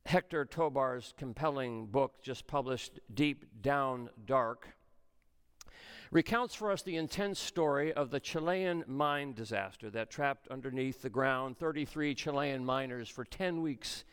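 A male pastor preaching a sermon, swinging between soft, low passages and raised, emphatic ones. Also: a little slow, clean tone.

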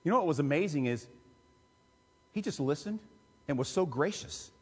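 Pastor preaching in a reverberant sanctuary. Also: male voice, a little high, expressive, brisk, darkish tone, husky. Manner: emotional, confessional storyteller. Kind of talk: sermon storytelling. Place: church sanctuary. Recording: long reverb of a church hall.

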